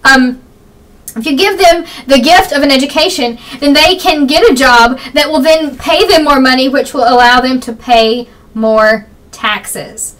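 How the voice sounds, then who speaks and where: A young woman with a high, bright voice talks rapidly and rambles through her opinions in a casual home vlog. Her voice is a little froggy. She sounds some distance from the camera mic. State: slightly froggy voice. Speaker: vlogger. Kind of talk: fast casual political vlog.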